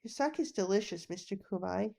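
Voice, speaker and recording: Woman voicing a quiet, earnest teenage boy. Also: medium pitch, lively intonation, fairly quick, gravelly. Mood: sad, soft. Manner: quiet and soft-spoken.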